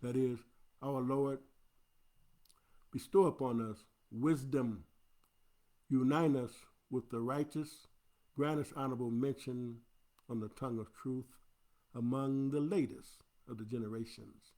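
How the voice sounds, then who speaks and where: A man's voice: medium pitch, fairly even intonation, measured pace, long pauses, dark tone. A man, an imam, giving an earnest, instructive Friday sermon into a livestream camera.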